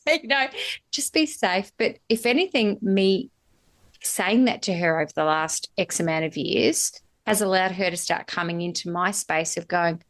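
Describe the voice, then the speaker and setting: Middle-aged woman podcast host, low gravelly voice, candid and salty, laughs easily. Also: moderate pace. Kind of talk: casual conversational interview.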